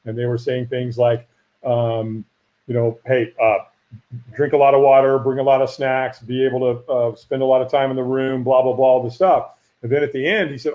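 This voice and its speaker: Middle-aged male guest, lively storyteller who acts out quotes; muffled lo-fi call audio. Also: mid-range voice, normal speed. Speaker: firewalk instructor and guest. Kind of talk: casual storytelling interview. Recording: dull lo-fi audio.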